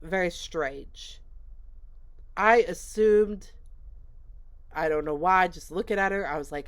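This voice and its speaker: A woman's voice: lowish voice, takes it slowly, pauses often. A woman casually recapping a movie she watched, chatty and rambling, with lots of fillers. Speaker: movie reviewer.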